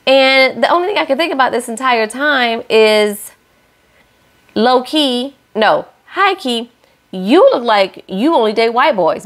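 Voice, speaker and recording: A young woman hosting a casual reality-show recap, sassy and opinionated, scolding the cast directly. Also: a little high.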